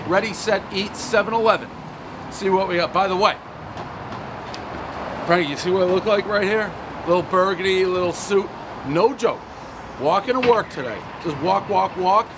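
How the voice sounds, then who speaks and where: Brash, high-voiced man on a noisy street. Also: moderate pace, pauses often. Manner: brash, profane, joking. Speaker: pizza reviewer. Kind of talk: casual on-the-street review. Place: city street corner outdoors. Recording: street traffic noise.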